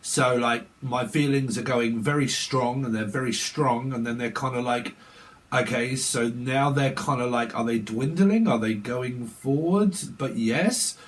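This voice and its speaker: A man's voice: mid-range voice, measured pace. A man giving a chatty, rambling tarot reading with casual swearing. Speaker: tarot reader.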